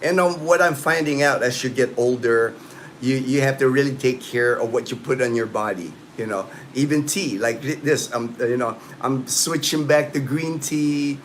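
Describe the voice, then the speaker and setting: A livestream host in his late fifties chats casually with viewers from his home in the Philippines, rambling loosely and responding to their comments. He speaks at medium pitch and normal speed, sprinkling in "you know" and "man," with slight background noise behind him.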